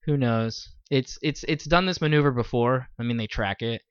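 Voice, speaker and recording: A man chatting casually on a podcast, rambling through fillers and restarts and swearing freely. His voice sits at a middling pitch. The recording is dry and a bit dull and lo-fi. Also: normal speed, clean tone, no echo. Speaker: podcast co-host. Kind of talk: casual chat.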